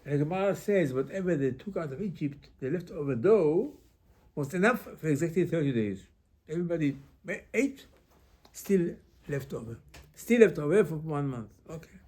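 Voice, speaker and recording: A man, a rabbi, giving an informal Torah class in halting phrases, full of rhetorical questions. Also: on the high side, expressive, dark tone. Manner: conversational, asks rhetorical questions.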